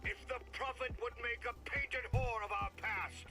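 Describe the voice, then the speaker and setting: An actor playing a fierce rebel agitator who rallies war veterans in a game, declaiming a rousing, scornful speech over a loudspeaker. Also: male voice, very high voice, steady tone, moderate pace, music in the background. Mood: fiery. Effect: loudspeaker broadcast. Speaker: rebel orator in a game broadcast. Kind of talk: fiery propaganda speech.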